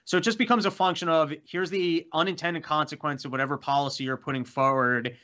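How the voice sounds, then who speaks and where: A man's voice: on the high side, fairly even intonation, quick pace, pushed and bright, muffled recording. A man appearing as a guest on a podcast, chatting casually and explaining his ideas step by step with frequent restarts.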